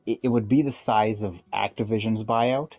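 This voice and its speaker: A man's voice: lowish voice, fairly even intonation, normal speed, darkish tone, lo-fi sound. A man hosting a casual podcast chat, giving his opinions as he thinks aloud. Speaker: podcast host.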